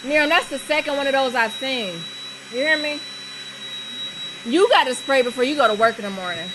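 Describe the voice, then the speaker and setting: A woman's voice: high-pitched, expressive, moderate pace, noisy background. A woman co-hosting a podcast at home, shrieking and swearing in panic during casual chat. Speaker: podcast co-host.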